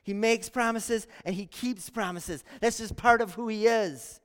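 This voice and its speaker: Very high-voiced male pastor preaching. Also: measured pace, fairly bright tone, smooth. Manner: earnest preaching with rhetorical questions and repeated phrases. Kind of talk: sermon. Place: church sanctuary. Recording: long church hall reverb.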